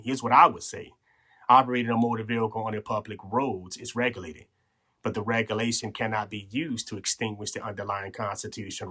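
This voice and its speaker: A podcast host with a fairly low-pitched, sharp and slightly rough voice gives instructional talk on legal rights. He coaches earnestly, checking in with "okay?" and "right?", and sounds slightly out of breath.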